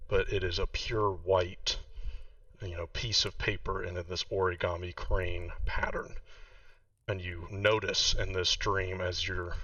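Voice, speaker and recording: Deep-voiced man narrating as game master. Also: sharp tone, no echo, recorded from a distance, muffled recording. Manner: descriptive, slow and deliberate, with self-corrections.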